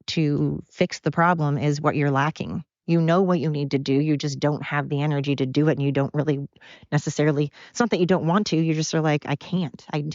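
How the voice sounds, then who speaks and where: Speaking quickly in a low, slightly mellow voice with fairly even intonation, this middle-aged podcast host rambles through her struggles on a confessional solo show recorded at home. She is apologetic and wears her emotions openly. The audio is dry, with the highs trimmed away.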